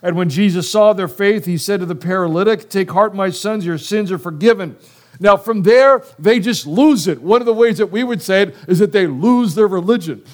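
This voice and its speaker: Male pastor, fairly high voice, chatty animated sermon full of acted-out dialogue. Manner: casual slang, quick bursts.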